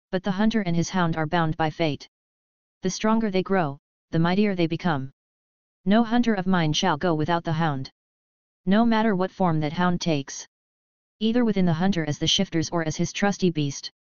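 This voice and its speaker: A woman's voice: lowish voice, normal speed, a little mellow, smooth, no room sound, lightly acted. A woman voicing an ancient ghostly wolf god of the hunt who speaks in grand, formal pronouncements. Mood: solemn. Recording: dull lo-fi audio.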